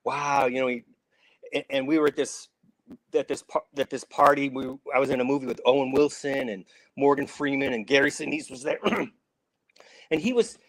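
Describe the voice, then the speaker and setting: Man, middle-aged, animated, restarts often, acts out quotes, dry sound. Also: medium pitch, normal speed, no echo, poor audio. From Saint Louis. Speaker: actor guest. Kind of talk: casual storytelling.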